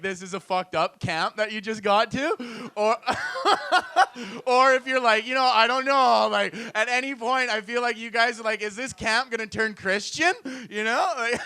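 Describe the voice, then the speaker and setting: A man's voice: high voice, sharp tone, smooth. A young man from Alberta doing loose, slangy stand-up crowd work as host of a comedy night. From Edmonton, Alberta, Canada. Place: comedy club stage with audience.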